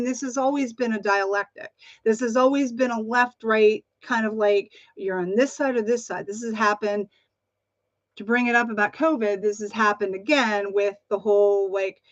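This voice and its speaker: A woman's voice: fairly high pitch, no echo. A woman giving a passionate, rambling monologue to her channel's viewers, restarting often and filling gaps with fillers. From United States. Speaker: channel host. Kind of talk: opinionated monologue to camera. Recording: dull lo-fi recording.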